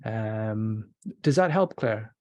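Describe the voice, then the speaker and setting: A man hosting a psychology podcast, explaining his approach in a relaxed conversational way and acting out short example dialogues. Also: on the low side, slow pace. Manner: explanatory, acts out example dialogue, frequent restarts. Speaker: podcast host and motivational interviewing trainer. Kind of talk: conversational teaching.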